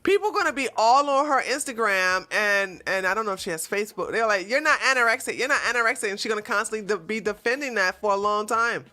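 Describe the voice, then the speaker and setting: A woman hosting a livestream, chatting in a blunt, animated, casual way. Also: medium pitch, fairly quick, few pauses. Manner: blunt and animated, with frequent restarts. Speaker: livestream host. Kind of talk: casual opinionated chat.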